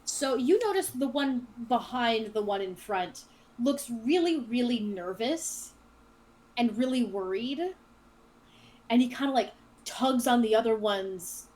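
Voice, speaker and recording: Brief: brisk woman game master narrating a tabletop session. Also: fairly high pitch, lively intonation, a little mellow, low-quality recording. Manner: brisk, directive. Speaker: dungeon master.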